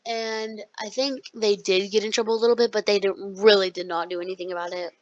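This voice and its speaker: A young podcast co-host telling a rambling school story in casual chat, full of likes and ums. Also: female voice, mid-range voice, fairly even intonation, fairly quick. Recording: dull lo-fi sound.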